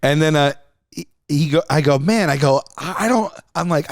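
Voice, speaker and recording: Man, podcast host, casual comedic storytelling, fairly high voice, dry close mic. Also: normal speed, dry recording. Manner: animated, laughs while telling a story.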